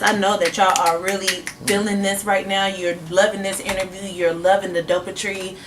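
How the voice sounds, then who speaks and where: A woman's voice: mid-range voice, level tone, moderate pace, few pauses. Emotional woman host, off-mic. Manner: emotional, frequent fillers and laughter. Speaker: interview host. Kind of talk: casual interview chat. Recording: distant mic with faint background noise.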